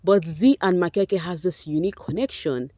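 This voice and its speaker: A woman's voice: fairly low pitch, normal speed, dry recording, clean studio sound. A woman with a Nigerian accent hosting a chatty gossip vlog, talking straight to her viewers. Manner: chatty, animated, addresses viewers as guys. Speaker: vlog host. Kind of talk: casual gossip commentary reading fan posts.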